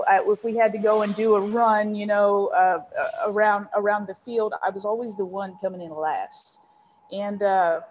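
With a medium-range voice and a little background hiss or hum, this woman from San Antonio, Texas, is a leadership coach appearing as a podcast guest. In the interview she shares a personal story, sincere and heartfelt, and says um a lot.

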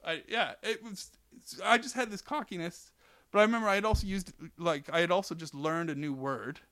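A middle-aged comedian with a high, bright, forceful voice, telling an animated story on a podcast. He slips into quick impressions of the people in it. The sound is dry and close. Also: dry recording. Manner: animated storyteller, acts out quotes. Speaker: comedian co-host. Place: studio couch.

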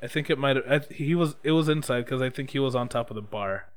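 A young man in casual chat recapping an episode, excitable and swearing freely. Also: medium pitch, fast talker, clean tone.

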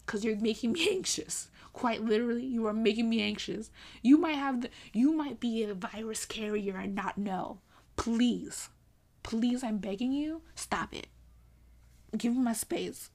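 A young woman talking casually to camera in a vlog, animated and exasperated, pleading with sudden high exclamations. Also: a little slow, creaky. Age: young adult. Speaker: vlogger.

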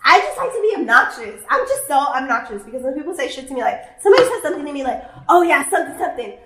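Casting note: woman, very high voice, brash and cursing, echoey room. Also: big pitch swings, racing, bright, forceful tone, a little hiss or hum. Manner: brash, profane, laughing. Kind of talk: casual chat.

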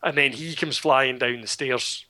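A man's voice: medium pitch, measured pace. A Scottish man retelling a film plot in casual chat, sardonic and swearing freely. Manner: sardonic, swearing, animated storytelling.

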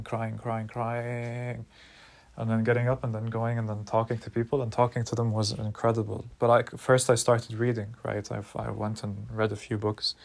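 A young man telling a personal story in a rambling, profane, casual way, often repeating words. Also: on the low side.

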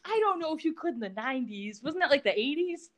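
A woman chatting casually as a podcast co-host, retelling a show's plot. She is animated and sarcastic, breaking into laughs. Her voice sits a bit high. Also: quick pace. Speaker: podcast co-host recapping a TV show. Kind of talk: casual chat.

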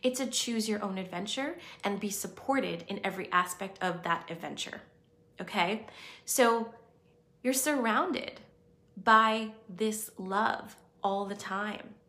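A woman's voice: medium pitch, slow, sharp tone, echoey room. A woman giving a spiritual self-help talk, earnest and reassuring, speaking in a conversational way.

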